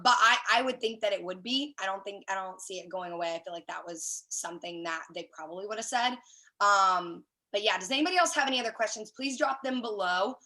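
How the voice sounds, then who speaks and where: A woman leading a team sales training over a video call, chatty and excited, with lots of fillers and quick asides. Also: medium pitch, poor audio.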